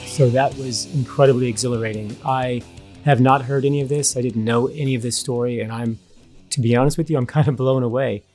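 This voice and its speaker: A man's voice: medium pitch, fairly even intonation, fairly quick, darkish tone, faint music behind. Awed male host wrapping up an episode. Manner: awed, eager. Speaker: podcast host. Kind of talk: episode outro.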